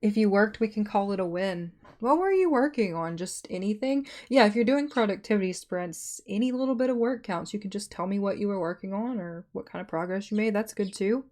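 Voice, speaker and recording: A young woman streamer hosting writing sprints, talking softly and chatting casually with her viewers. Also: mid-range voice, animated, a little fast, few pauses. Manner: soft-spoken, chatty, friendly with chat.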